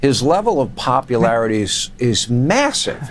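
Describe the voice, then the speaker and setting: A man hosting a news talk show, chatty and quick to laugh with his guest. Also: mid-range voice, big pitch swings, a little hiss or hum. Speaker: host.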